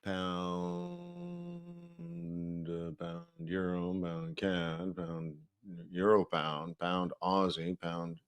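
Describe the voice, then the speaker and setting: A man's voice: low-pitched, animated, drawn-out words, long pauses, smooth, no room sound. A man hosting a live market-analysis stream, talking casually and rambling with many fillers and restarts.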